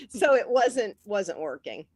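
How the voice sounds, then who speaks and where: A woman's voice: mid-range voice, darkish tone, slightly rough, no room sound. A woman panelist chatting and telling stories with easy laughter. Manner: chatty storyteller, laughs easily. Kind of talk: panel discussion.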